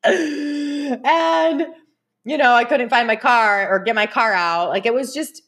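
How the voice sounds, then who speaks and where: A woman's voice: fairly high pitch, slow pace, fairly bright tone. A woman hosting a podcast, chatting casually and telling stories straight to her listeners, often breaking into laughter. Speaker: podcast host. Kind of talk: casual chat.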